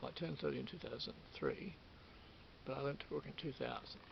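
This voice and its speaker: A man's voice: medium pitch, brisk, gravelly. An Australian man in his fifties rambling through a solo vlog, often restarting and repeating himself. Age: 50s. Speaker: vlogger. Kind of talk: rambling monologue. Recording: dull lo-fi with hiss.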